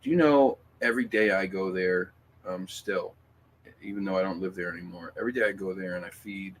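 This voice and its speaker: Reading viewer comments during casual livestream chat, a low-voiced male host speaks a little fast, rambling and emphatic, swearing and using many fillers and restarts. A bit of hiss or hum is audible.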